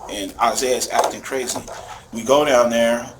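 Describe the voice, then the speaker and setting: A father being interviewed, telling an emotional story in an animated way and acting out shouted quotes. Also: medium pitch, measured pace, background noise.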